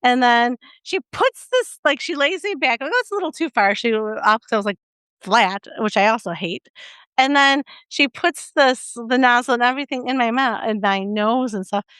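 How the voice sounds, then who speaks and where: High, smooth-voiced woman telling a story. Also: moderate pace, no echo. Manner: animated storytelling with lots of fillers and acted quotes. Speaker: podcast co-host. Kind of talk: casual chat.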